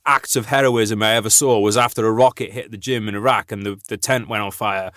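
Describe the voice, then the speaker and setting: Swearing, laughing army-veteran host. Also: male voice, lowish voice, steady tone, a little fast, a bit bright, no echo, studio quality. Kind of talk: casual chat.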